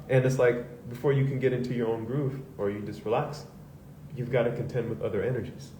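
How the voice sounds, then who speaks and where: A man's voice: mid-range voice, fairly even intonation, quick pace, warm tone. A man as host, speaking candidly to a live audience in a loose, conversational way, with swearing and acted-out quotes. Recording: echoey room heard from a distance.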